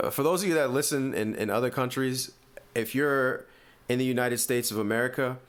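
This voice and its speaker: A man with an East Coast American accent hosting a sports podcast, giving opinionated, animated commentary full of rhetorical questions. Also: mid-range voice, moderate pace, clean tone. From US Northeast.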